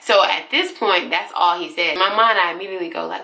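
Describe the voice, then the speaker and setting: Animated woman with a gravelly bright voice. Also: fairly low pitch, quick pace, hardly any pauses. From Atlanta, US. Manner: animated, slangy, addresses viewers as y'all. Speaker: storyteller. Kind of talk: casual storytime vlog.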